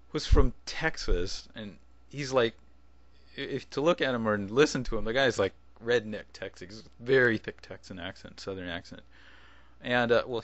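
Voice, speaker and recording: This vlogger has a medium-pitched voice on a dry, dull recording. Answering casually on video, he meanders, restarts sentences, and chuckles between thoughts.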